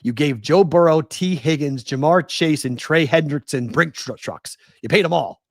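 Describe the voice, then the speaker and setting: A man's voice: on the high side, moderate pace, no echo, clean studio sound. A man in his forties hosting a sports talk show, ranting with exasperated rhetorical questions. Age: 40s. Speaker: sports betting show host. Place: West Coast.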